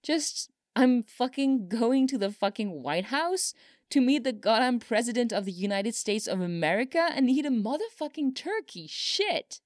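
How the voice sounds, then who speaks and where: A woman voicing an excitable young male pop singer who swears in giddy bursts, in a storybook reading. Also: medium pitch, unhurried, no room sound, studio quality, voice pushed up, natural voice. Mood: overjoyed.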